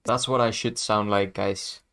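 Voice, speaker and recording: A man's voice: lowish voice, fairly even intonation, a little slow, crowd noise. A man chatting casually on his livestream as a music producer, laid-back and chuckling often, trailing off mid-sentence.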